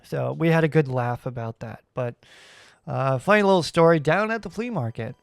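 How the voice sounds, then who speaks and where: Male solo podcast host, slightly high voice, dry close sound, wry rambling chat. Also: animated, normal speed, gravelly, clean tone, no room sound. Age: adult parent.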